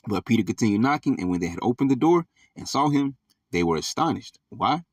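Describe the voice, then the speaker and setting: A man's voice: mid-range voice, lively intonation, a little fast, husky, no echo, far from the mic. A man leading an informal bible study, reading verses and explaining them in a conversational, slangy way with frequent check-ins. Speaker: bible teacher.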